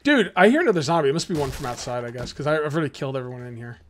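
A young adult man giving casual let's-play commentary as a gaming YouTuber, chatty and excitable, full of rambling asides. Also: mid-range voice, rapid-fire, slight background noise.

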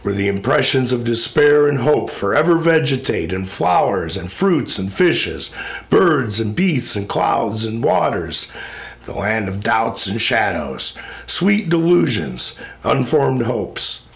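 A man giving a recitation of epic poetry, in a solemn, measured and rhythmic declamation. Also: medium pitch, very animated, vocal fry.

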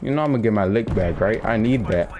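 A man giving casual, excitable commentary over his own shooter gameplay, trash-talking opponents and calling out to his viewers. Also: fairly low pitch, quick pace. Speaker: gaming streamer. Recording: game gunfire noise behind voice. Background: clear gunfire and game sounds.

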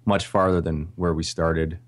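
A man's voice: sits low, level tone, normal speed. A man with a Canadian accent, chatting as a guest on a podcast in a friendly, self-deprecating and grateful way. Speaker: podcast guest, video creator. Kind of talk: casual interview chat.

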